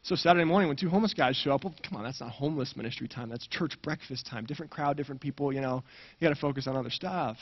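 A man's voice: medium pitch, very fast, highs cut off. A man preaching a sermon, telling a personal story and acting out the dialogue with energy.

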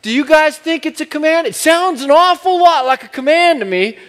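A man imitating an earnest elderly man who talks slowly with a resonant, halting cadence. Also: extremely high pitch, lively intonation, fairly bright tone, big-room sound, voice pushed up. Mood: pleading.

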